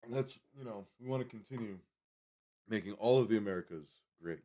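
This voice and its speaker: A man's voice: fairly low pitch, fairly quick, warm tone. A man livestreaming, rambling casually as he reads a web page aloud and stumbles over foreign names. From Colorado. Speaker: livestream host.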